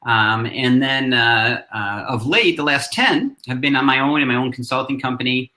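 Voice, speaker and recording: A man in his fifties, a learning consultant guest, talking casually with chuckles and halting restarts. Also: mid-range voice, pushed and bright. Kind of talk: casual interview talk.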